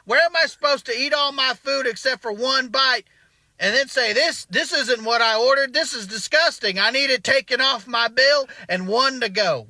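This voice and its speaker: A man's voice: extremely high pitch, sharp tone, dry recording, exaggerated voice. A comedian playing an indignant man ranting about a restaurant. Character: angry Southern male restaurant regular. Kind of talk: comic monologue.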